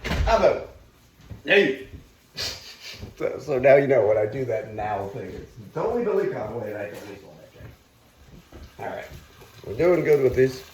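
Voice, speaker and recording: A man cooking and chatting on his own vlog, rambling and swearing freely, with sudden loud outcries. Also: mid-range voice, animated, moderate pace, long pauses, a crowd in the background. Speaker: cooking vlogger.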